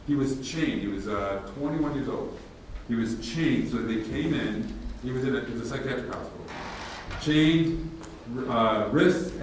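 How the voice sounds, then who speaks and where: A man presenting at a workshop, telling stories in a casual, animated way and acting out both sides of conversations. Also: mid-range voice, a little hiss or hum. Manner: casual, animated, acts out dialogue. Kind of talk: storytelling workshop talk. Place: large room with audience. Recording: echoey hall from a distance, faint ambience.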